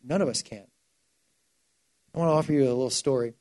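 A man preaching a sermon to a group, telling stories with lively shifts between quiet, earnest passages and louder, excited ones. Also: mid-range voice, fast talker. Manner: animated storytelling, shifting from quiet to loud. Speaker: pastor.

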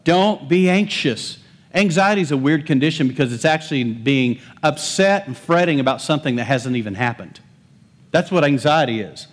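Man preaching an animated, joking sermon. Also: medium pitch, brisk. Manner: animated, humorous preaching with rising emphasis. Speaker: pastor.

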